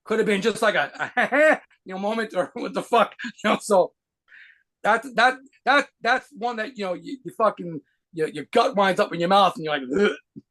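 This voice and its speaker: A man telling rapid, profanity-laced stories as a guitarist being interviewed. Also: sits high, lively intonation, fairly bright tone. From United States. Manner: rapid profane anecdotes with laughs. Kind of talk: fast storytelling interview.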